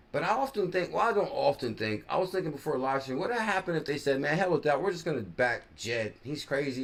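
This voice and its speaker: A man hosts a casual live stream and talks loosely off the cuff. He rambles, trails off mid-thought and doubles back to correct himself. His voice sits at an ordinary middle pitch. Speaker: crypto live stream host.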